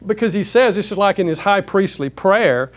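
A man's voice: sits high, animated, moderate pace. Emphatic man teaching a Bible class. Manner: emphatic, rhetorical questions.

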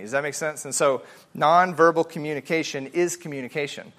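Lively man teaching a Bible study. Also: fairly high pitch, fairly quick. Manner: casual and animated, acts out quoted voices.

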